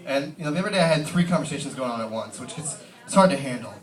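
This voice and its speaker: A man's voice: medium pitch, lively intonation, rapid-fire. A man doing a stand-up comedy set in a pub, rambling and full of fillers, recorded from a distant camera. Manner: rambling, filler-heavy, casual storytelling. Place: pub stage. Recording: roomy pub sound from a distant mic.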